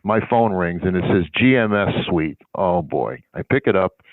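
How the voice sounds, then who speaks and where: An older man with a somewhat low voice tells a long, rambling story and slips into the voices of the people in it. He comes through a thin, phone-like line with no room sound at all. His delivery is chatty and full of restarts. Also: lively intonation, normal speed, dry recording. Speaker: sports public relations guest. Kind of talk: conversational anecdote telling. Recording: tinny phone-line audio, dry.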